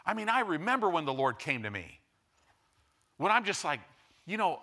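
A man preaching a sermon as pastor, building from quiet to loud and emphatic. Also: a little high, big pitch swings, normal speed.

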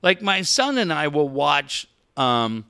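Lively, bright-voiced middle-aged male host. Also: fairly high pitch, slow pace, smooth. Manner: animated storyteller, swears casually. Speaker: radio show co-host. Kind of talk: casual chat.

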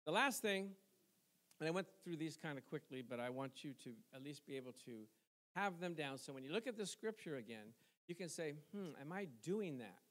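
High-voiced man preaching conversationally. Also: lively intonation, brisk, a bit bright. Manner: conversational preaching with call-and-response asides and chuckles. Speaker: pastor. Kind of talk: sermon.

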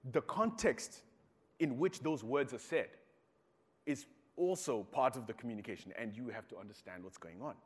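Zimbabwean man speaking in a reverberant hall. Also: medium pitch. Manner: storytelling, acts out quoted voices. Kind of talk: talk to an audience.

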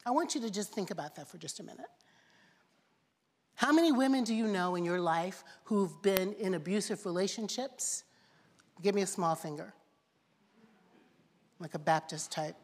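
A woman's voice: mid-range voice, lively intonation, moderate pace, pauses often. Woman preaching a sermon in a reverberant hall. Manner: preaching with rising, rhythmic repeated phrases and questions to the congregation. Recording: long reverb of a large hall.

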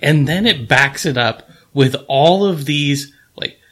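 A man's voice: fairly high pitch, slow, a bit bright. A man co-hosting a casual movie podcast, chiming in with dry, wry remarks. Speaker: podcast co-host. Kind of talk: casual movie review chat.

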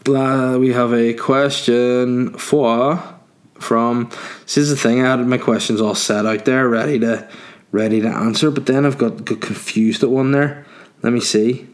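Male podcast host, casual and crude, rambles through listener questions with jokes. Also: mid-range voice. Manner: crude, joking, rambling with frequent ums. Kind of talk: casual solo podcast chat, reading listener messages.

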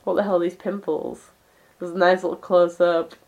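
A woman's voice: on the low side, level tone, moderate pace, vocal fry, a little mellow, muffled recording. A woman co-hosting a casual podcast chat, giggling as she reads comic panels aloud. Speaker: podcast co-host.

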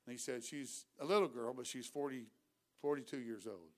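A man preaching a revival sermon, shifting from quiet storytelling to loud exhortation. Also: mid-range voice, fairly quick.

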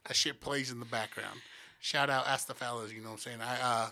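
Male podcast co-host, excitable and profane, bright forceful voice. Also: medium pitch, brisk, creaky. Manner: excitable, profane, keeps saying "you know what I'm saying". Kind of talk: casual podcast chat.

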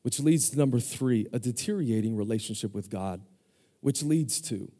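A man in his forties preaching a sermon as pastor, with energetic call-and-response to the congregation. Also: medium pitch, normal speed, in a large hall. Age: 40s.

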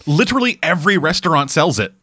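A man co-hosting a podcast, telling a story in casual, profane, animated chat. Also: a little high, fast talker. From Canada. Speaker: podcast co-host.

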